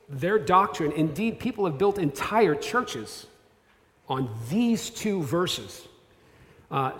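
A man in his thirties preaches from a church stage, his voice sitting a bit higher than most men's. He keeps it conversational and self-deprecating, full of asides and restarts. The hall rings with long reverb. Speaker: pastor. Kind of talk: sermon. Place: church sanctuary.

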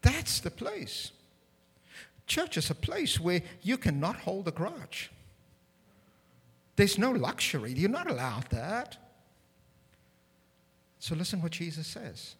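A man preaching a sermon in a church, animated and humorous with self-deprecating asides, building to loud emphatic peaks. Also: sits high, slow, long pauses, husky. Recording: long hall reverb.

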